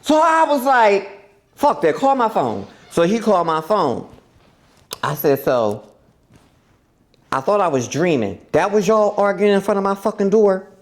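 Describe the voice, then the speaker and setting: A woman hosting a podcast tells a story in loose, profane chat, and her pitch leaps and dips all over as she acts out what people said. She laughs through her lines often. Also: very animated, measured pace, pauses often. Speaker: podcast host.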